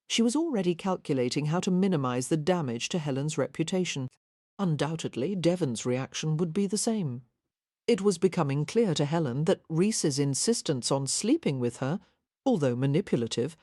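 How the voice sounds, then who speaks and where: A woman narrating an audiobook romance in a measured, even manner. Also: low-pitched, no room sound, clean studio sound.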